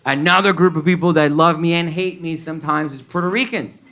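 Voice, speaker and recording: A Colombian comedian's voice runs on the high side, brisk, bright and forceful. Performing stand-up to a comedy club audience in his Colombian accent, he alternates English and Spanish and brings the people in his stories to life.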